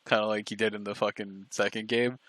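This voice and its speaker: A man in casual chat on a live stream, rambling and halting with restarts and fillers. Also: on the low side, little pitch movement, fairly bright tone, dry recording. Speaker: stream co-host.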